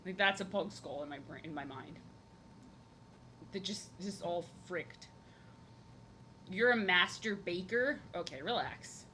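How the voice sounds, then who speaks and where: A woman's voice: mid-range voice, animated, normal speed, pushed and bright, a little hiss or hum. A young woman chatting casually while drawing on a live stream, rambling along with lots of "like" and restarts. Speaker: art streamer.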